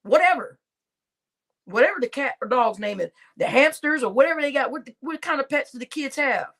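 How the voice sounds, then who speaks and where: A woman's voice: sits high, animated, a little fast, a bit bright. A woman hosting a live stream, talking in a blunt, slangy, profane way, scolding people and laughing between remarks. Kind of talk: casual live stream rant.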